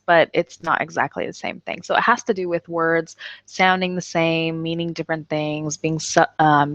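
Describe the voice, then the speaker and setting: A woman teaching an English lesson in a chatty way with many fillers, slowing down to demonstrate words. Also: lowish voice, no echo, lo-fi sound.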